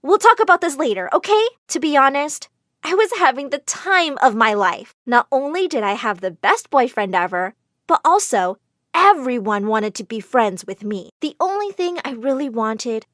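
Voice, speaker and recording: A woman narrating an animated story in first person, expressive and dramatic. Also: on the high side, moderate pace, dry recording, studio quality.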